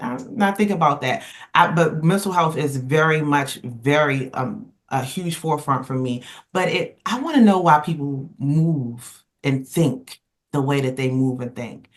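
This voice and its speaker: A woman speaking on a casual podcast roundtable, emphatic and animated, circling back and restarting as she tells stories. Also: deep voice. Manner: emphatic, animated storyteller who rambles and restarts. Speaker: roundtable panelist.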